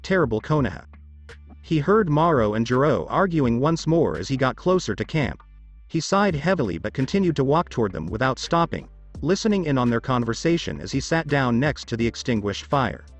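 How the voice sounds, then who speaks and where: A man narrating fan fiction in an expressive storytelling read. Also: mid-range voice, brisk, lo-fi sound, faint music behind.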